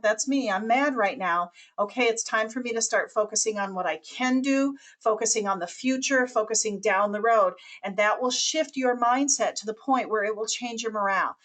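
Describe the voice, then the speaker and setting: A woman presenting over a webinar call, her voice sitting a bit high for a woman. She talks with animated energy and slips into quick character voices when she quotes people. Her delivery is confident and instructional.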